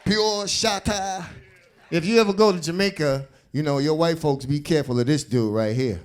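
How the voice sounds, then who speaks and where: High-voiced New stand-up comic. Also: male voice, fairly quick. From South Bronx, New York. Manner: animated, streetwise storyteller. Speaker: stand-up comedian. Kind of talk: stand-up comedy. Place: comedy club stage.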